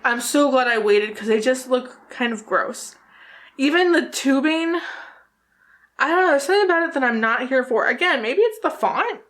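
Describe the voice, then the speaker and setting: Animated and high-voiced, with a fairly bright tone at normal speed, a New Jersey makeup YouTuber chats casually while tipsy. She rambles, laughs in giggles, and swears a lot.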